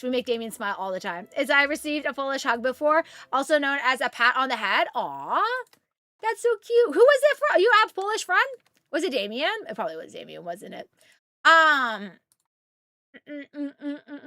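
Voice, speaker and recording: A woman's voice: sits high, sharp tone, dry recording, studio quality. A woman from Canada streaming a game, chatting with viewers in a rambling, storytelling way. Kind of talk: casual chat with viewers while gaming.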